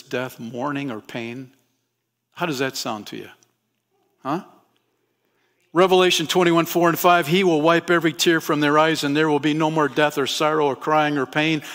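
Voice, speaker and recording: Gravelly man preaching a sermon. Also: fairly high pitch, a bit bright. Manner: conversational, asks the congregation questions. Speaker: pastor. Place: church sanctuary.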